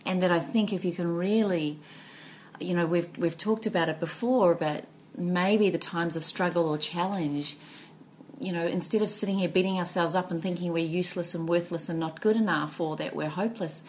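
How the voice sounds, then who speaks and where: A woman co-hosting a podcast, talking in a thoughtful, animated way. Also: fairly low pitch, normal speed, slight background noise. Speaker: podcast co-host. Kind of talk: casual reflective chat.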